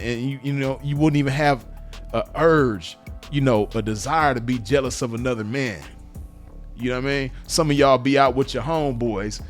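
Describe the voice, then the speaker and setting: A man, speaking in a blunt, profane, repetitive unscripted monologue to camera. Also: medium pitch. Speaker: vlogger.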